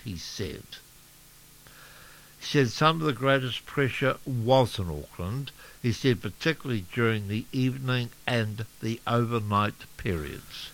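Male radio newsreader, New Zealand accent, mid-range voice, steady bulletin read. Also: medium pitch, low-quality recording. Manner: steady, measured reading with occasional slips. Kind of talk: local radio news bulletin.

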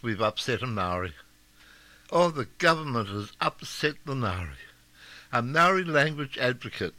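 An older man from Scotland runs a talk show, delivering blunt, mocking commentary. His voice swings widely in pitch with a bright, forward tone. The sound is dry and close. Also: no echo. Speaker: radio talk host. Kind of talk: opinionated commentary.

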